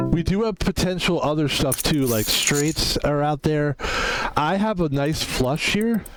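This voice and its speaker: A man streaming a poker game, chatting in a rambling way, swearing freely and calling out his own name as he plays. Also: a little high. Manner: chatty, rambling, swears freely, talks about himself in third person. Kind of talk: casual gameplay commentary. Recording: music playing behind the voice.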